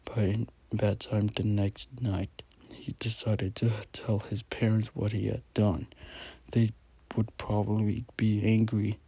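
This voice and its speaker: A man reading a scary story aloud in a quiet whisper, adding asides and correcting himself. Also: fairly low pitch, flat delivery, takes it slowly, breathy edge, dry recording. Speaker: channel host reading a story.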